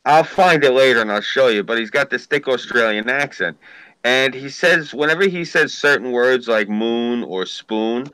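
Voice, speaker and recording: A man's voice: medium pitch, normal speed, sharp tone, smooth, no echo, poor audio. A man hosting a live stream, chatting casually and telling rambling, profane stories.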